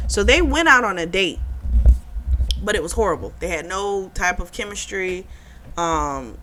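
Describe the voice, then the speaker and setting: A young adult woman who hosts a book club, retelling a novel's plot in casual, animated chat. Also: lowish voice. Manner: chatty, animated retelling with quoted dialogue and laughs.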